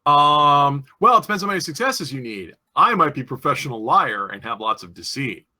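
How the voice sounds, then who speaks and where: A man's voice: on the high side, big pitch swings, a little fast, pushed and bright. A man running a tabletop game as game master, explaining rules with frequent fillers and restarts.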